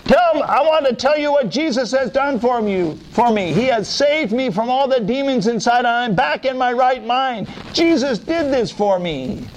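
A wild man tormented by demons cries out in a high, strained, pleading voice, as a man puts him on. His pitch swings widely from line to line. A faint hum of room noise sits underneath. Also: lively intonation, normal speed, hardly any pauses, poor audio. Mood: overjoyed.

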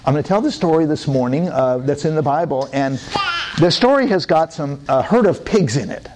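A male pastor leads a children's sermon in a slow, coaxing, playful way. His voice sits high and moves a lot in pitch. Faint background noise runs under it. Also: lively intonation.

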